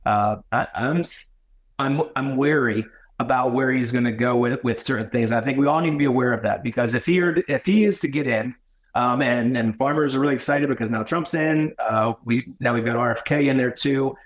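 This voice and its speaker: A man talking as a podcast guest, earnest and halting, often restarting his sentences. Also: medium pitch. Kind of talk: conversational podcast talk.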